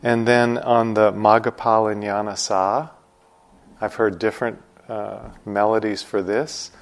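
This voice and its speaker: A man guiding a meditation group before chanting, explaining patiently with gentle humor. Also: lowish voice, level tone, a little slow. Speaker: meditation teacher.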